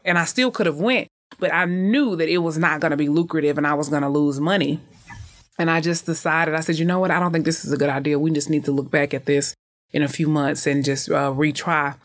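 A woman in her thirties, an author speaking frankly and lively in an interview. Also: deep voice, no echo, studio quality. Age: 30s. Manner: frank, lively, often acting out others' voices. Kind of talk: candid conversational storytelling.

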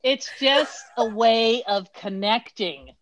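Casting: wry, mock-serious woman co-host, voice a bit on the high side. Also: takes it slowly, rough recording. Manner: wry, mock-earnest teasing. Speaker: podcast co-host. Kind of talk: casual chat.

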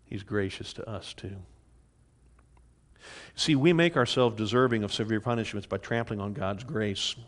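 A man's voice: lowish voice, moderate pace, pauses often, a bit bright. A man preaching a sermon, speaking with passion, often repeating words and restarting as he goes. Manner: impassioned, repeats words and restarts, acts out quoted voices. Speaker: pastor.

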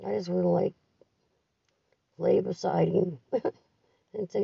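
A woman's voice: lowish voice, steady tone, takes it slowly, creaky, slightly rough, dry recording. A middle-aged woman leaving a raw, profane voice message, bitter, grieving and tired. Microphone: phone voice recording. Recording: dull lo-fi phone audio, distant from the mic.

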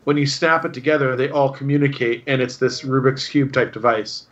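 A man's voice: mid-range voice, steady tone, fairly quick, muffled recording. A man chatting casually as a podcast host, enthusiastic and rambling with lots of fillers. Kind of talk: casual chat.

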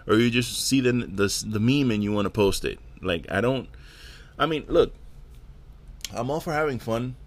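A man's voice: medium pitch, expressive, normal speed. Profane, exasperated man ranting solo. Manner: profane, exasperated, repeats words. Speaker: podcast host. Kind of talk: casual solo rant.

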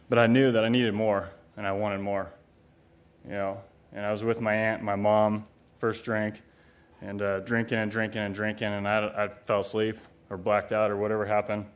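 A man's voice: lowish voice, clear, resonant tone. A middle-aged man giving a candid, rambling personal recovery talk, blunt and often profane, with many fillers. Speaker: speaker at a recovery retreat. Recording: dull lo-fi recording.

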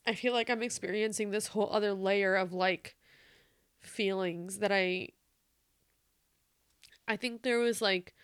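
A woman's voice: medium pitch, steady tone, slow pace, long pauses, clean tone, no room sound, studio quality. A young woman hosting a podcast, talking candidly and emotionally about her own life, with frequent fillers and swearing. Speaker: podcast host. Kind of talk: personal reflective monologue.

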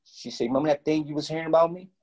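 A man guest telling a story in casual talk, animated and profane, acting out both sides of each conversation. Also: fairly high pitch, rapid-fire.

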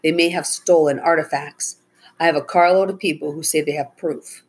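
A woman voicing a firm male park ranger who gives brisk orders. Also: sits low, steady tone, close to an everyday voice. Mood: commanding. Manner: brisk and commanding.

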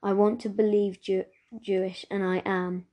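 Storybook girl, defiant and stubborn, mellow and fairly even, voiced by a woman reader. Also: medium pitch, moderate pace, natural voice. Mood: firm. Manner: pleading then defiant.

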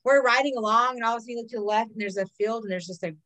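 A woman's voice: on the high side, rapid-fire, fairly bright tone, poor audio. A woman who reads folk legends aloud on a podcast. She swears freely and breaks off to riff on each story. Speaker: podcast co-host telling folklore stories. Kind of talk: casual storytelling chat.

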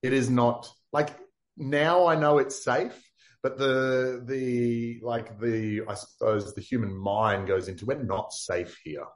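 A man from far north Queensland with an Australian accent, telling a story as an interview guest in a lively, casual way, full of "like" and acted-out quotes. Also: mid-range voice, slow pace. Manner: animated, acts out quotes, many "like" fillers.

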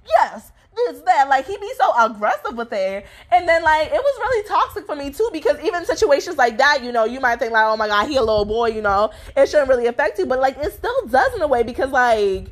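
A young woman vlogger telling a family story in casual, slangy chat, swearing freely and acting out what people said. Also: sits high. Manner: animated, slangy, swears freely, acts out quotes.

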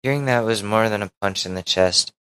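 A podcast host with a fairly low voice reads a confessional online post aloud in a candid, conversational way. He stops now and then for short, wry asides and swears casually. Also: fairly quick, fairly bright tone, smooth, poor audio. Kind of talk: reading a Reddit post aloud.

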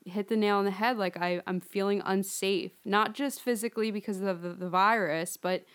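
A woman's voice: medium pitch, steady tone, normal speed, a bit bright, clear, resonant tone. A woman co-hosting a podcast, telling stories in casual chat, chatty with frequent laughs and fillers. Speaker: podcast co-host.

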